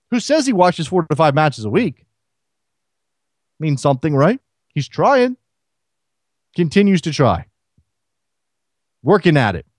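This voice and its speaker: A man's voice: on the high side, no echo, studio quality. A man hosting a solo sports talk radio show, firing rhetorical questions at listeners.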